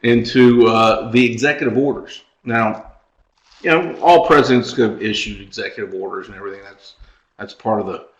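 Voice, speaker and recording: A man's voice: fairly low pitch, moderate pace, roomy sound, dull audio. A man co-hosting a podcast in casual chat, rambling through a story and laughing at his own jokes. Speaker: podcast co-host.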